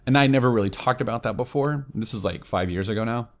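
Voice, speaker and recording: A man being interviewed on a podcast, telling stories excitedly and saying "like" a lot. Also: mid-range voice, fast. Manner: excitable storyteller, heavy use of "like". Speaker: podcast guest. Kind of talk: casual interview chat.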